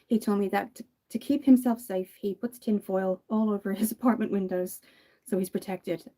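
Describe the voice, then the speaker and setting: A woman's voice: medium pitch, fairly even intonation, normal speed, warm tone. An Irish woman in her thirties chatting casually while doing her makeup, telling stories and laughing often. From Ireland. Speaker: makeup vlogger.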